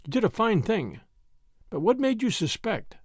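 A man voicing a mild, vague, gently wry priest detective in a dry audiobook reading, quiet and grave by turns. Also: high voice, very animated, moderate pace, no room sound, pitched above the performer's own voice.

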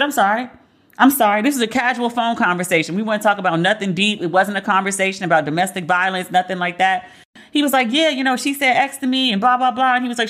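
Brief: woman, podcast host, candid profane monologue, mid-pitched voice, animated delivery. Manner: blunt, profane, animated storytelling with acted-out quotes. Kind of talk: casual commentary monologue.

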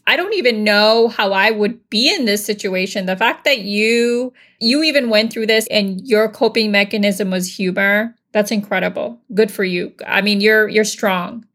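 A woman's voice: mid-range voice, normal speed, few pauses, fairly bright tone. A woman interviewing a guest, encouraging and admiring as she responds. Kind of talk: podcast interview.

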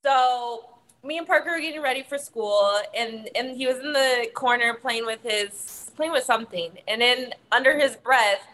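A woman co-hosting a podcast, telling a story in an animated way and laughing often. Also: fairly high pitch, moderate pace, poor audio. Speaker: podcast co-host. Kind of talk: casual chat.

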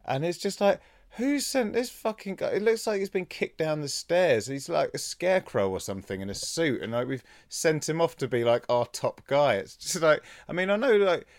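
A man's voice: fairly high pitch, lively intonation, normal speed, dry recording. A man hosting a casual chat in a laid-back way, swearing casually. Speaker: podcast host.

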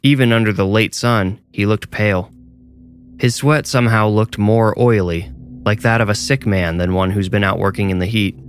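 A man's voice: fairly low pitch, moderate pace, a little hiss or hum. A man reading his own horror story aloud in a dry, wry storytelling manner. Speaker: horror story narrator and author. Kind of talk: scripted horror narration.

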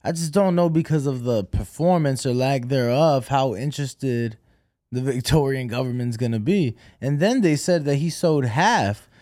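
A man's voice: medium pitch, normal speed, dark tone, dry recording, studio quality. A man co-hosting a casual boxing talk show, talking in a hesitant way with many fillers. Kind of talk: casual sports chat.

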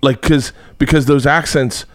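A man hosting a podcast interview, talking in an excitable, rambling way and slipping into playful voices. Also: medium pitch, moderate pace, no echo, studio quality. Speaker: podcast host. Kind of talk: casual interview chat.

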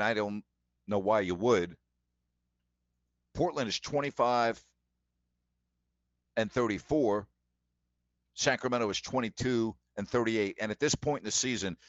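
A man's voice: lowish voice, no room sound. Man, sports talk host, emphatic, indignant rants, dry close sound, dull lo-fi audio.

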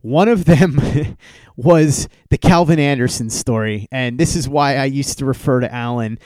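Podcast host guy, smooth clear voice, kinda high, dry close sound, tells stories and acts out the quotes. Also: measured pace, no echo. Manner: animated storyteller who acts out quoted dialogue. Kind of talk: casual storytelling tribute.

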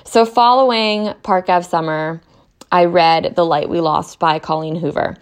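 A woman's voice: on the low side, gravelly. A young woman chatting casually to camera as a book reviewer, talking in an exasperated, rambling way with lots of fillers.

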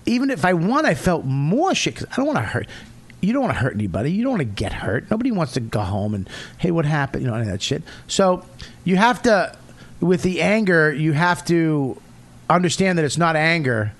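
A man's voice: a little high, a little fast. Boston guy comedian, cursing a lot, acting out quotes, voice bouncing all over. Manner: profane, animated storytelling with acted-out quotes. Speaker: comedian guest. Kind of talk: casual podcast chat.

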